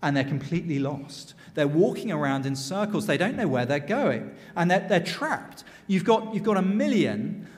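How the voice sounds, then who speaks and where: A man's voice: fairly high pitch, very animated, normal speed, big-room sound. A man voicing a sneaky, beaky male chief spy with sly news. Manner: sly, hesitant.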